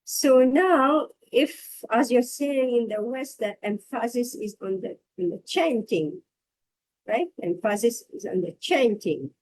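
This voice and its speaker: A woman with a fairly high but mellow, warm voice leads a scripture class. She reads passages aloud and then talks them through in a reflective way, circling back to repeat key phrases. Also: expressive, unhurried, low-quality recording. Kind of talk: scripture reading and discussion.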